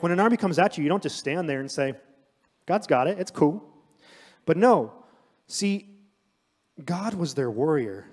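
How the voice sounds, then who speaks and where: A young adult man preaching a sermon as pastor, telling stories with acted quotes in an animated way. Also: fairly high pitch. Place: church sanctuary. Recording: long hall reverb.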